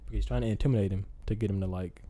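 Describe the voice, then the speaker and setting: A young podcast host pitches a movie idea in a casual, rambling chat full of filler words and acted-out lines. His lowish voice has a dark, steady tone, and he talks rapid-fire.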